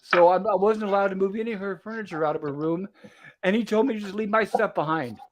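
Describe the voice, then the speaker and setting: Man, high voice, livestream host, rambling storyteller, casual chat. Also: fast talker.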